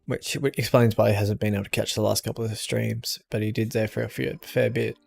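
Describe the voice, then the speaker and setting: A young man streaming a game and chatting casually with viewers in a relaxed, easygoing way. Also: lowish voice, fairly quick, creaky, faint music behind. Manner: relaxed, chatty, answers chat with small laughs. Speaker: gaming streamer.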